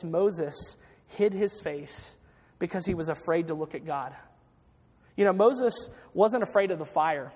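High-voiced preacher in a reverberant hall. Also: male voice, darkish tone. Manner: storytelling with acted quotes, frequent restarts. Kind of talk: sermon.

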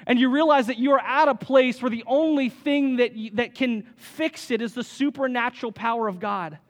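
A man with a high voice preaches to a church congregation. He keeps it casual and plain-spoken, with rhetorical questions and an easy bit of humor. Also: normal speed. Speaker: pastor. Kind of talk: sermon.

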